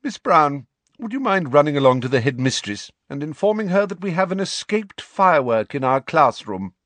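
A man's voice: on the high side, very animated, moderate pace, fairly bright tone, no room sound, voice pushed up. A man voicing a stern older woman teacher who speaks with sardonic, clipped dryness.

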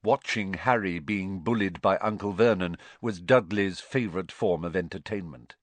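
A man reading a story aloud with an expressive, lively delivery. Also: low voice, normal speed, no room sound. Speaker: audiobook narrator. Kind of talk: scripted storybook narration.

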